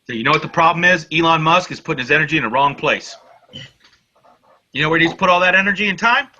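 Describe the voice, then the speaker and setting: A man's voice: on the high side, expressive, fast, pushed and bright, slight background noise. A man co-hosting a casual geek news chat, blunt and profane, joking as he argues. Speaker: co-host. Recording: lo-fi recording.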